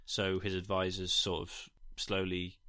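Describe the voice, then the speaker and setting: A man's voice: sits low, monotone, a little slow, sharp tone, clear, resonant tone, no room sound, clean studio sound. A man co-hosting a casual film review chat, rambling with jokey asides and casual swearing. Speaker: podcast co-host.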